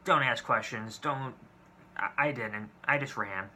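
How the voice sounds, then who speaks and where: A man's voice: medium pitch, unhurried, pushed and bright. A man in his twenties telling date stories to camera in a casual, exasperated and profane way, rambling with restarts. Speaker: vlogger.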